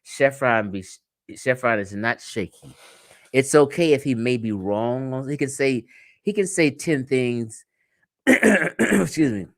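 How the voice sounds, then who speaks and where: A man's voice: mid-range voice, expressive, slow pace, dry recording, clean studio sound. A man from the United States hosting a livestream, talking casually and profanely to his viewers, telling stories and laughing often. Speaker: livestream host.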